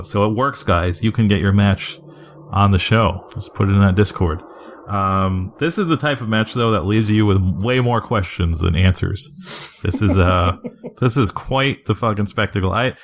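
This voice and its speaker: A man co-hosting a wrestling podcast in casual, rambling chat, swearing freely and laughing often. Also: low-pitched. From Northeast US. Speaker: podcast co-host.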